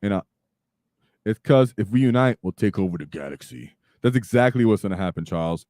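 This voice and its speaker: A man hosting a casual livestream chat, talking in an animated way with lots of fillers and sudden shouts. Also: fairly low pitch, no room sound, studio quality. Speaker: streamer host.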